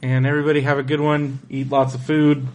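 A man hosting a casual podcast, cracking quick jokes and reading out the show's plugs. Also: mid-range voice, level tone, a little mellow, a little hiss or hum. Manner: jokey, quick asides. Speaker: podcast host. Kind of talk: casual chat.

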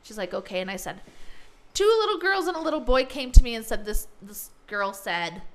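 Animated woman telling a story. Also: a little high, fairly quick. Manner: animated storyteller who acts out the voices of others. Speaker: teacher. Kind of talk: casual chat, telling a story.

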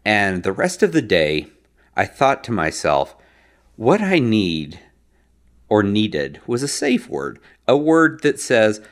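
A man's voice: on the low side, sing-song, slow pace. A man co-hosting a podcast, chatting casually and telling a rambling story with laughs. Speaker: podcast co-host.

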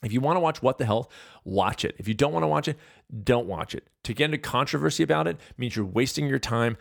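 A man in his forties from California, hosting a podcast and talking in a casual, animated, self-mocking rant. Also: mid-range voice, fast, vocal fry, dry recording, studio quality. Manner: animated, ranting, self-deprecating. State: out of breath. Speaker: podcast host. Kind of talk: casual monologue.

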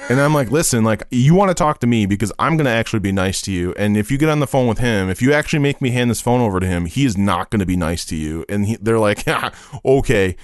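A man's voice: on the low side, expressive, fast talker, hardly any pauses, dry recording, studio quality. A man telling stories in a casual podcast chat, rambling with many fillers and swearing freely.

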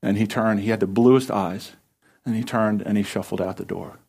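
A man's voice: on the low side, fairly even intonation, moderate pace, gravelly, slightly rough. Earnest man preaching a story. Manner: earnest, conversational, drops soft and quiet at key moments. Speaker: pastor. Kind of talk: sermon storytelling.

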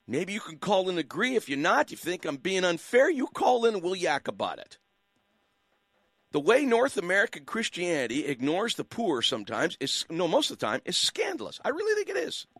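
Fired-up radio host, high lively voice. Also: male voice, normal speed, slightly rough, dry recording. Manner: preachy, fired-up, hammering rhetorical questions. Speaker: radio talk show host. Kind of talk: impassioned call-in radio commentary.

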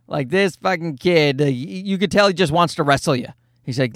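A man's voice: on the high side, normal speed, fairly bright tone, no room sound, clean studio sound. A man in his thirties telling rambling, profane, self-deprecating stories as a podcast host. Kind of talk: casual podcast monologue.

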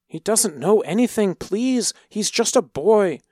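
A man voicing a protective village mother in a storybook reading, begging in a high voice. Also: animated, unhurried, dark tone, no room sound, studio quality. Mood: pleading.

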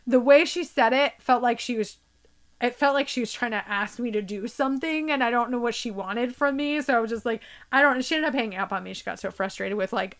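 A woman guest on a podcast telling a personal story in casual chat, animated, acting out quoted dialogue, with the odd swear word. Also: on the high side, fairly quick.

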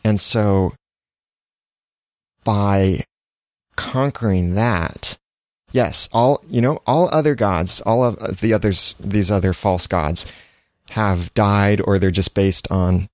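A man's voice: on the low side, slow pace, no room sound, clean studio sound. A man co-hosting a podcast, talking earnestly and reflectively about faith in casual chat. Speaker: podcast co-host.

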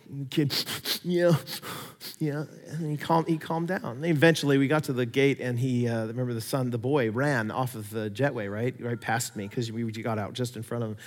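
A man preaching a sermon, telling stories with animated swings between loud emphasis and quiet asides. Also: medium pitch, moderate pace, long reverb tail. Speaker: pastor.

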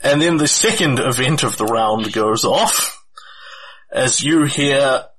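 A man narrating a tabletop game as game master in a deliberate, descriptive way. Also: mid-range voice, fairly bright tone, breathy edge, low-quality recording.

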